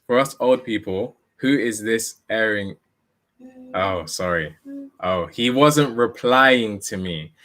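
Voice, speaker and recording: A man's voice: mid-range voice, a bit bright. A young man telling a personal story in an earnest, candid way, often repeating and restarting his phrases. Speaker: motivational speaker.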